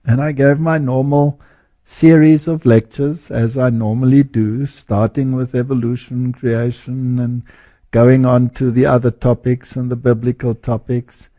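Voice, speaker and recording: A man telling a story in an interview as a lecturer, animated and often chuckling as he talks. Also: medium pitch, measured pace. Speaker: guest speaker and lecturer.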